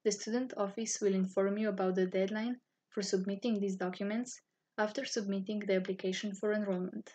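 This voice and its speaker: Woman, English, husky breathy tone, formal scripted narration. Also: mid-range voice, a little fast. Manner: formal, even-toned reading. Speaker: university student office staff.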